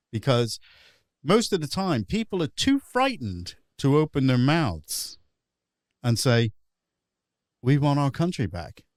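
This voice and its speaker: A man's voice: medium pitch, no echo, clean studio sound. A man hosting a casual satirical chat show, ranting and sarcastic and laughing often. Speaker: pub landlord host. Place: online show.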